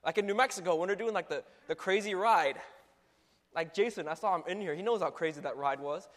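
A young man in a casual storytelling monologue, animated and full of filler words, acting out ride noises. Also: high-pitched, fairly quick. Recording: long hall reverb.

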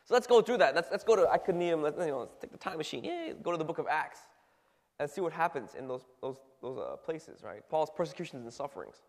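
A youthful-sounding man preaches in a loose, chatty way, stumbling over restarts and peppering his talk with fillers. His voice sits a bit high for a man. The sound rings with a long hall reverb. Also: very animated, fast talker, few pauses, a little mellow. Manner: conversational, many fillers and restarts. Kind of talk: casual sermon.

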